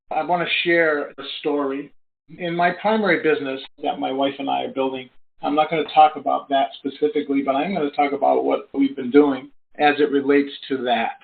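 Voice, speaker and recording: A man's voice: moderate pace, vocal fry. Earnest middle-aged man on a tinny phone line. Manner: earnest storytelling, swings between low and high excited pitch. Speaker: online business coach. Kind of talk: motivational talk on a live conference call. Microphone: phone call line.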